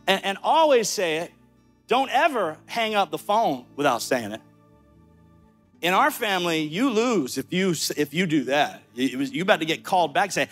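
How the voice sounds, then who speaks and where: Man, Southern accent, pastor, sermon, higher pitch, conversational, faint music behind. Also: lively intonation, a bit bright, breathy edge. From American South. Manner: conversational, direct, with quick asides.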